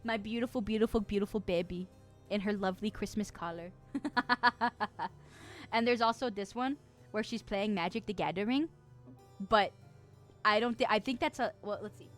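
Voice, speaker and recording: A woman in her twenties chatting casually on a live stream, reading chat aloud, giggling often and getting excited. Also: medium pitch, normal speed, faint music behind. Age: 20s.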